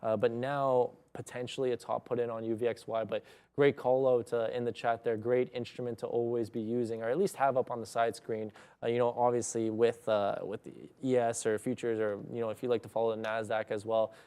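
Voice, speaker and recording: A man's voice: medium pitch, little pitch movement, brisk, dark tone, clear, resonant tone. A young man trading live and talking through his moves in a casual, rambling way, full of fillers. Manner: rambling, many fillers, thinks aloud while trading. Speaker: day trader streaming live.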